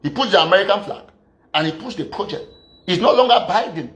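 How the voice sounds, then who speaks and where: A man gives a combative political rant. His voice sits high for a man. He keeps scolding and hammering his listeners with rhetorical questions. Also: lively intonation, fast, fairly bright tone. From Southern Cameroon. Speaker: activist commentator.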